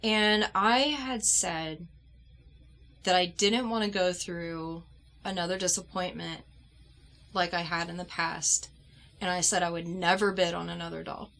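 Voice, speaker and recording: A woman doll-collector vlogger telling a personal story at home in an earnest, heartfelt way, pausing and restarting as she goes. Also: fairly low pitch, fairly even intonation, gravelly, fairly bright tone.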